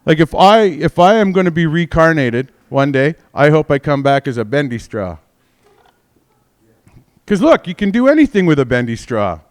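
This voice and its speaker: A man's voice: on the high side, sing-song, moderate pace. A man in his forties doing a stand-up comedy set, rambling and profane, constantly mocking himself. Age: 40s.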